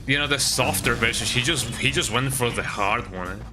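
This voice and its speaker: A man's voice: mid-range voice, brisk, few pauses, music in the background. A man streaming a video game, chatting casually and rambling, often tagging his remarks with a questioning "eh?". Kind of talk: casual live-stream chat while gaming.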